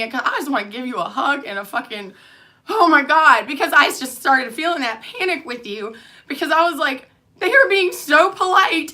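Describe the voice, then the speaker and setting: A woman, a nurse and lactation consultant, ranting heatedly to camera, swearing constantly and swinging from quiet asides to loud outbursts. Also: high voice. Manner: swearing, heated, fast-shifting loudness. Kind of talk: profane ranting monologue to camera.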